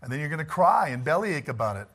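A middle-aged pastor preaching in church with a bright, forceful, somewhat high voice. He talks in a folksy, conversational way, full of asides and chuckles, and presses his points hard. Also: sing-song, quick pace, husky.

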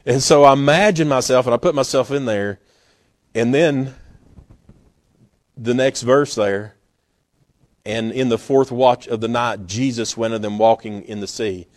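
A man preaching a sermon in a folksy, storytelling way, acting out scenes with sudden loud bursts. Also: mid-range voice, a little slow, long pauses.

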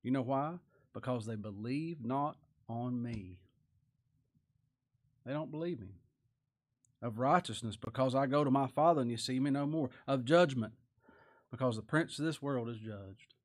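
A man preaching a sermon, reading scripture and speaking plainly, swinging between loud emphatic lines and quiet low asides. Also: normal speed. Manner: folksy plain-spoken grammar, reads scripture aloud.

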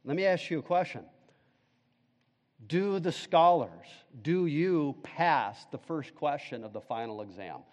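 Man, pastor, emphatic sermon, slightly high voice, long church reverb. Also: big pitch swings, unhurried. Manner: emphatic preaching, asks the congregation questions.

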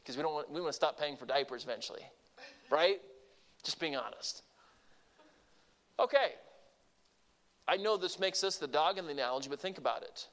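A married man preaching a sermon in a conversational style, asking his congregation questions and shifting his loudness and pace for emphasis. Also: fairly high pitch, animated, normal speed, long pauses. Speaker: pastor.

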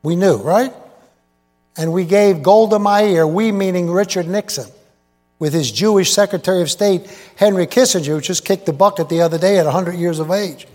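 A high-pitched male preacher delivers a wandering, joke-laced sermon in a big hall. His talk is folksy and full of asides, and he keeps quizzing the congregation. A long reverb trails every phrase. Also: normal speed, a little mellow. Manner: folksy, digressive, quizzes the audience. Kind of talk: rambling sermon with jokes and asides. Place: large hall with live congregation.

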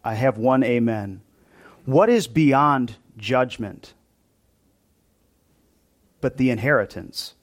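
A man's voice: medium pitch, expressive, slow, pauses often. A male pastor preaching a sermon to his congregation in a church, in a conversational style that often asks them questions.

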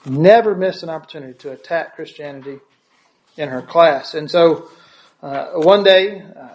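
A man gives a sermon, telling a story in his own voice. He talks in a slightly high register, often restarting his phrases and checking in with the listeners through short tag questions. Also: moderate pace. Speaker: preacher.

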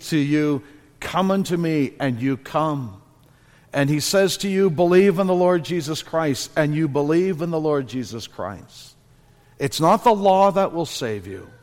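A man's voice: a little high, in a large hall. A man preaching a sermon as pastor, earnest and exhorting, with firm emphasis.

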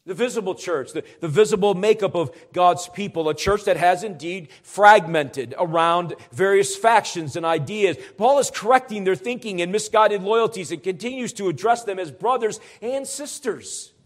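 A man's voice: high voice, normal speed, few pauses. A middle-aged man, a pastor, preaching an expository sermon to his congregation, with earnest explanations that rise to emphatic urgency.

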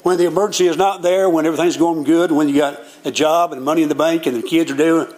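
A man's voice: fairly high pitch, fairly even intonation, fast, a little mellow. Older preacher guy, folksy storytelling sermon, plain country talk. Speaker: pastor.

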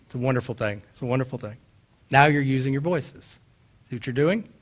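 A middle-aged male pastor, delivering a sermon and slowing down to stress quoted verses. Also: medium pitch. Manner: emphatic preaching with slow, drawn-out quoted verses.

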